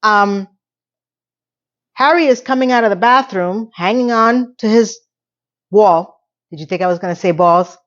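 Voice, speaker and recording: A woman's voice: mid-range voice, a little slow, long pauses. A woman in a casual TV recap vlog, rambling in a sarcastic, playfully exasperated way. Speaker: TV recap YouTuber. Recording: slightly dull lo-fi audio.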